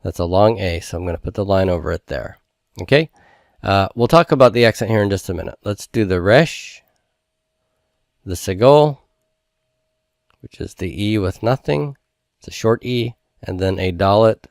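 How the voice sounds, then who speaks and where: A man with a very low voice who works through homework slowly and methodically, one step after another. The sound is dry and close, with no room echo at all. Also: vocal fry. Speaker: teacher. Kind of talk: homework review lesson.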